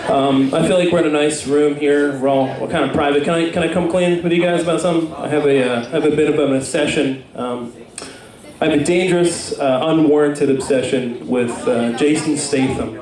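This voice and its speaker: A man's voice: on the high side, steady tone, fairly quick, a crowd in the background. A young man doing a stand-up comedy set, rambling and self-mocking with lots of fillers, recorded far off in an echoey club.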